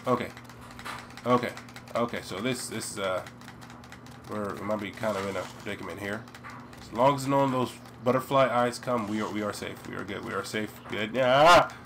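A young American man with an American accent, chatting and rambling while playing a video game, breaking into loud yelps. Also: on the low side, fairly quick, vocal fry, background noise. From United States. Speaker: let's play gamer. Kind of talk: game commentary.

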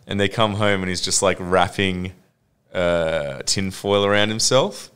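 A man's voice: low voice, a little slow, a bit bright, smooth. A man, hosting a podcast in casual chat and retelling a cartoon episode with lots of laughter and swearing. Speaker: podcast host.

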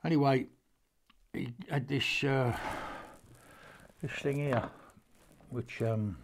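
A man's voice: medium pitch, steady tone, slow. Older man telling a rambling story. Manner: rambling, homely, stops and restarts a lot, speaks with feeling. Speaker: horseman showing an antique. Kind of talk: casual storytelling to camera.

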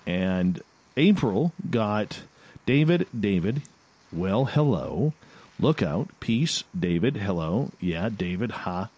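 A male radio host chatting casually and reading out listeners' results in a halting, unhurried way. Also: on the low side, sing-song, a little mellow, breathy edge. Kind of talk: casual talk-radio chat.

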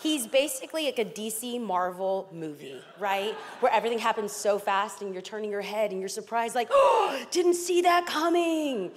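This woman, a pastor from East Los Angeles, California, preaches in a medium-pitched voice, brisk and with few pauses. She delivers the sermon emphatically and dramatically, slipping in playful asides, with long hall reverb on the recording.

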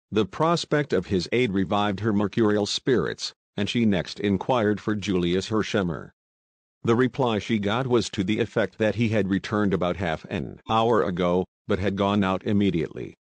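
Low-voiced man reading an audiobook. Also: dry recording. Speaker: audiobook narrator. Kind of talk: scripted narration.

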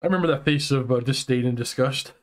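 A man co-hosting a casual online chat, ranting excitedly with many restarts and quick turns. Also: mid-range voice. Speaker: podcast co-host.

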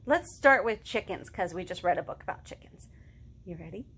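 A woman in her thirties leading a children's storytime, reading picture books aloud, singing farm songs and making animal sounds in an animated, sing-song way. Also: fairly low pitch, brisk, slightly rough.

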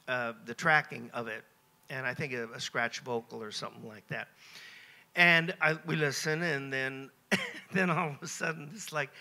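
An American man in his seventies, a guest at a Q&A on a cruise ship, telling anecdotes in a lively, self-mocking way and chuckling between phrases. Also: medium pitch, unhurried, vocal fry. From United States. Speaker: interview guest. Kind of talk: anecdotal Q&A storytelling.

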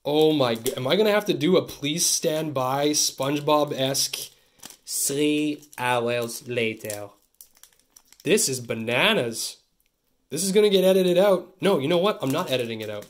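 A young man from Canada hosting a card-opening video, chatting to camera in an excitable, jokey way that swings between loud bursts and muttered asides. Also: fairly high pitch, moderate pace. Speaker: card-opening channel host. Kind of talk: casual pack-opening chat to camera.

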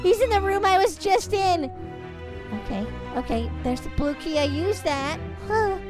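A woman hosting a gaming channel, giving chatty, excitable gameplay commentary. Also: very high-pitched, a little slow. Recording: game music playing underneath.

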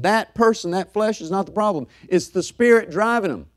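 A middle-aged man pastor preaching a sermon, swinging from loud fervor to soft, hushed talk. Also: fairly high pitch, big pitch swings, moderate pace, hardly any pauses.

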